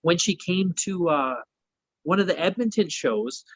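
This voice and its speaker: A man's voice: high-pitched, expressive, unhurried, no echo, highs cut off. A man, a wrestler guest telling a long story in casual, rambling talk full of swearing.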